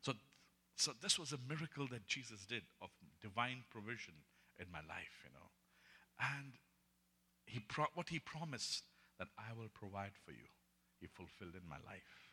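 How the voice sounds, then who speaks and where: A man from India telling a personal testimony in a sermon, animated and chuckling as he tells his story. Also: lowish voice, moderate pace, slightly rough, long reverb tail. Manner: animated storytelling, laughs often. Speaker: preacher.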